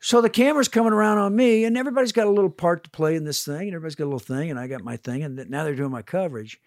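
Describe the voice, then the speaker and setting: A man in his sixties, an actor guest, telling animated stories in a casual podcast interview, sometimes swearing. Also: fairly high pitch, rapid-fire, no room sound, studio quality. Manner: animated storyteller, swearing, acts out quotes. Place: podcast studio. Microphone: studio headphones and mic.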